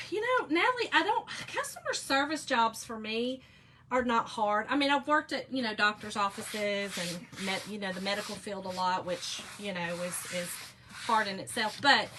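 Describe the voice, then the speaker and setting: A woman's voice: on the high side, pushed and bright, slight background noise. A woman with a Southern US accent chatting and telling stories to her livestream viewers while she works on a craft project, laughing often. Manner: talkative, laughs often, speaks to chat as "y'all".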